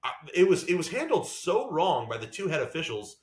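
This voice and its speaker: A man vents on a podcast in an angry, swear-laden rant, his somewhat high voice leaping up and down as he talks. The sound bounces around a roomy space. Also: sing-song, fairly quick. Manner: heated, profane rant. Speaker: podcast co-host and racing driver. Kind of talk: casual podcast chat.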